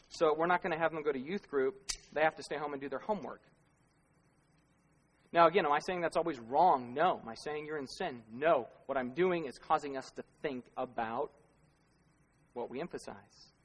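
A man with a fairly high voice preaches in a casual, talky way. He throws out rhetorical questions and owns up to his own faults. His voice rings out with the long echo of a big church hall. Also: slightly rough. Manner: conversational preaching with self-deprecating laughs and rhetorical questions. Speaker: pastor. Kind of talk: sermon. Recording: long reverb of a large hall.

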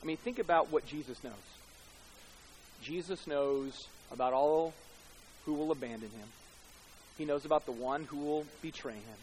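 Passionate preacher with emphatic swings. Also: male voice, fairly high pitch, slight background noise, poor audio. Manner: swings from loud emphatic bursts to hushed tender passages, with casual asides. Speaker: pastor. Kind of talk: expository sermon.

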